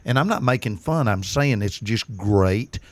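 A man's voice: on the low side, animated, measured pace, no echo. Brief: man, guest storyteller, casual, easygoing studio talk. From Texas. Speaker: actor guest. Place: radio studio.

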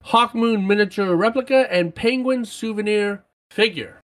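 A co-host on a casual gaming stream, reading out chat messages and news in an excitable way. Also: mid-range voice, normal speed, few pauses. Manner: animated, excitable, reads items aloud.

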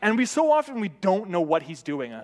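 A man preaching a sermon in a conversational way, often checking in with "right?" and shifting his pitch and loudness for emphasis. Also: big pitch swings, fairly quick.

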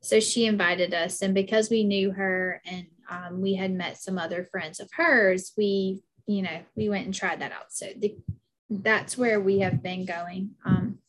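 A woman's voice: mid-range voice, fairly even intonation, a little slow. A woman from South Carolina with a Southern accent, chatting casually as an interview guest, full of fillers and "like"s.

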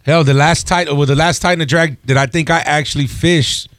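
Brief: male talk radio host, lively fishing yarns, close dry mic. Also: fairly high pitch, brisk, dry recording. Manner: animated storyteller, laughs often. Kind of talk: casual fishing radio chat. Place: radio studio.

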